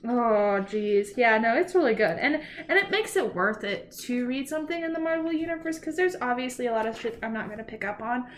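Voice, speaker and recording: Co-host: a woman with a bright, higher voice, excitable, swears freely, casual chat. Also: a little fast, few pauses, a little hiss or hum. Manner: excitable, profane, laughing. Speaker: podcast co-host.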